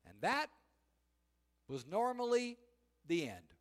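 High-voiced preacher in a reverberant hall. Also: male voice, takes it slowly. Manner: animated storytelling, shouting quoted cries. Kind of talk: sermon.

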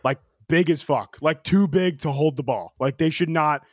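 This young co-host spins a story on a podcast in an animated, profane way, packing his speech with "like." His voice is a little high and his speed normal, recorded dry with clean studio sound.

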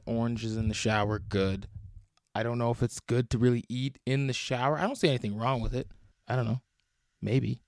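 A man's voice: mid-range voice, dry recording, clean studio sound. A young man hosting a solo podcast, talking in a rambling, crude and jokey way. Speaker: podcast host. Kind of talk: solo casual chat.

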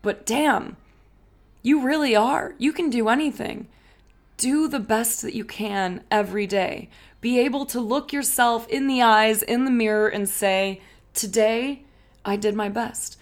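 A woman's voice: a little high, unhurried. A woman hosting a podcast, giving an encouraging, profane motivational talk with emphatic repetition. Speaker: podcast host.

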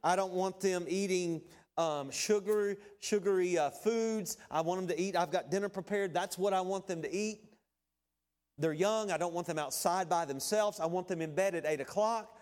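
A middle-aged pastor preaching a sermon in a conversational way, with asides and everyday illustrations. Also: male voice, high voice, normal speed, a little mellow, clear, resonant tone.

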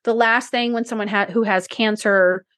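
A woman's voice: medium pitch, steady tone, moderate pace, a bit bright, dry recording. A woman co-hosting a casual podcast, talking in a rambling, emotional way with many restarts, her voice teary and close to crying. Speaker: podcast co-host.

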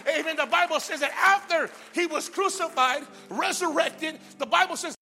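A man preaching a sermon as pastor, calling to the congregation and swinging from shouts to hushed prayer. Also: extremely high pitch, normal speed, few pauses.

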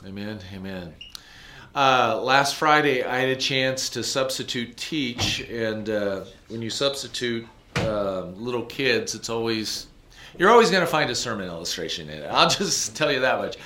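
A man's voice: mid-range voice, animated, normal speed, pushed and bright, roomy sound, a little hiss or hum. A man pastor preaching a conversational sermon, telling a personal story with restarts and asides.

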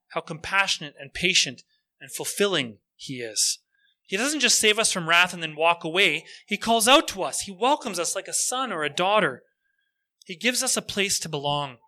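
Earnest high-voiced male preacher. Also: pushed and bright. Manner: earnest, slows down for emphasis. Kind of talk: sermon storytelling.

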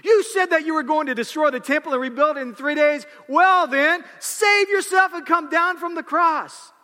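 A man preaching, voicing a mocking crowd that shouts taunts, with long hall reverb. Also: very high voice, normal speed, pitched above the performer's own voice. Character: jeering crowd of men mocking a prisoner.

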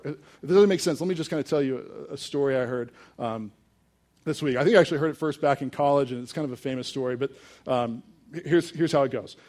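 A young man preaching a sermon in a relaxed, conversational way, telling stories with plenty of fillers and growing animated at the exciting parts. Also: a little high. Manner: casual storytelling with fillers, animated when telling a story. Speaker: pastor.

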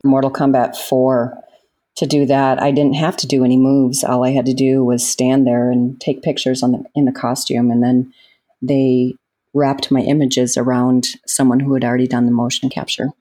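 A woman's voice: rumbling low, moderate pace. A woman in an interview, telling stories with lots of laughter and acting out what people said. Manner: animated storyteller, laughs often, acts out quotes. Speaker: interview guest, actress. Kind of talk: casual storytelling in an interview.

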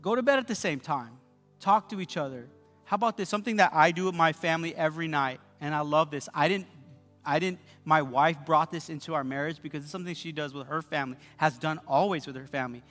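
A male pastor preaching a sermon with energetic delivery, calling on the congregation to repeat words back to him. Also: a little high, quick pace. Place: church sanctuary. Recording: long hall reverb, faint music.

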